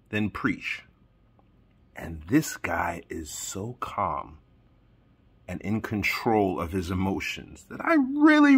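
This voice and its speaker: A man co-hosting a commentary show, speaking with sarcastic, deadpan mockery. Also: low-pitched, slow pace, vocal fry, slightly rough. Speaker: commentary channel co-host. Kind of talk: casual commentary.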